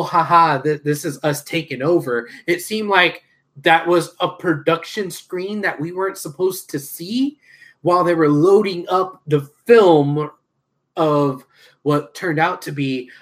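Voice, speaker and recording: A man co-hosting a casual wrestling podcast, telling a long rambling story with lots of fillers and swearing. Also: high-pitched. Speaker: podcast co-host.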